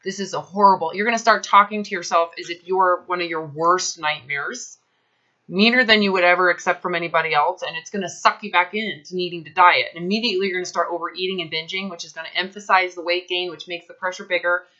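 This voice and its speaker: A woman's voice: fairly low pitch, fast, pushed and bright, muffled recording. A woman coaching a client, talking bluntly and emphatically and swearing casually. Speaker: health coach. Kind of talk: coaching session.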